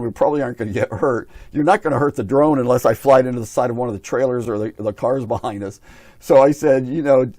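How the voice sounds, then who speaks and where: A middle-aged man with a dark, mid-range voice rambles through a long casual story for his aviation hobby vlog. He keeps repeating himself and relays what others said in his own voice. The recording has no echo.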